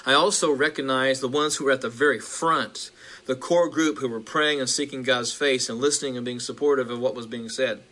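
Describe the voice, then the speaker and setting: Bright-voiced preacher man recounting a vision. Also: medium pitch, steady tone. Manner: repetitive, halting with restarts, building intensity.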